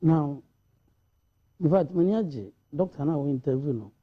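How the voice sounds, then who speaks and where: A man's voice: on the high side, animated, normal speed, narrow, tinny audio. A man with a Ghanaian accent, a panelist in a studio discussion, talking animatedly and switching between Twi and English.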